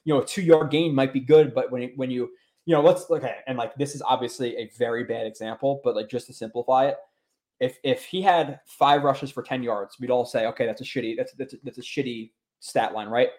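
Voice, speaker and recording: A man's voice: mid-range voice, a little fast, a little mellow. A young man hosting a casual sports podcast, chatting loosely and swearing often, with many restarts as he reacts to chat comments. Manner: loose, profane, rambling with restarts. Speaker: podcast host.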